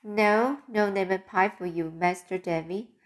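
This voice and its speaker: A woman's voice: mid-range voice, unhurried, natural voice. A woman reading an audiobook, voicing a strict, stern older woman who gives firm commands.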